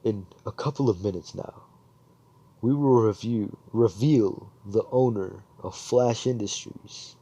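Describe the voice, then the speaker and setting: A man's voice: lowish voice, measured pace, dark tone, a little hiss or hum. A man voicing a company's right-hand man announcing at a press event, in a formal manner close to his own voice.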